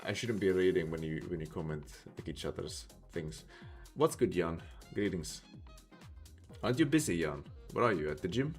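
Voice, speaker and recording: A man's voice: deep voice, lively intonation, moderate pace, soft background music. A man from Sweden with a Swedish accent, chatting casually on a live stream, rambling with lots of fillers as he thinks aloud. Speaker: livestreamer.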